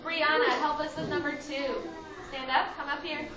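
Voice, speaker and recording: Woman kindergarten teacher, high voice, caught from afar over a crowd of kids. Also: steady tone, normal speed. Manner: sing-song, calls students by name, gives firm directions. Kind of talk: classroom phonics lesson. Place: classroom with children on a rug. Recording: roomy, distant, dull classroom camera recording. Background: children's voices.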